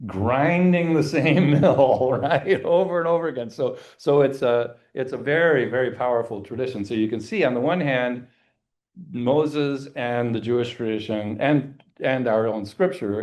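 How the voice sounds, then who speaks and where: A man's voice: mid-range voice, darkish tone. Man teaching a church forum, emphatic. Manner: conversational, emphatic, asks rhetorical questions. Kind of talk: church adult forum lecture. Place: church meeting room.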